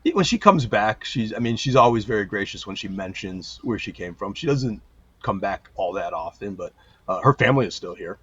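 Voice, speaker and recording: Middle-aged male guest; low, husky, lo-fi; lively storyteller. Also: brisk, no room sound. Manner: animated storyteller, acts out quotes. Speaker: retired police chief, guest. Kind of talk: casual storytelling interview. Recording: dull lo-fi sound.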